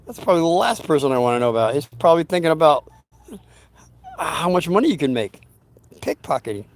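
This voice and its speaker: A man's voice: fairly high pitch, very animated, quick pace, vocal fry. Rambling folksy man telling stories. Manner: meandering, self-interrupting, folksy asides. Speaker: channel host telling stories. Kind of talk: rambling casual storytelling.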